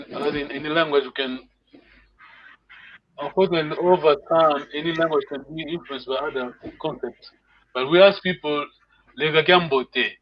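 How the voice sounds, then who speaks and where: A man's voice: fairly high pitch, dull audio. A man from Congo, teaching a live online language lesson over a video call. He explains patiently and repeats words for his students to echo.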